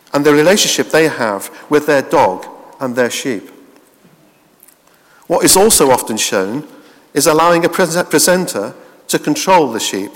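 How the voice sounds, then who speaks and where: A man preaching a steady expository sermon, with small restarts now and then. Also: medium pitch. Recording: reverberant hall.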